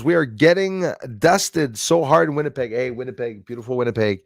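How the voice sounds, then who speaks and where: A man with a gravelly, mid-pitched voice hosts a casual livestream. He rambles, reads viewer comments aloud and tosses in jokey asides. The sound is dry and close to the mic. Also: lively intonation, normal speed, few pauses, dry recording. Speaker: livestream host reading chat.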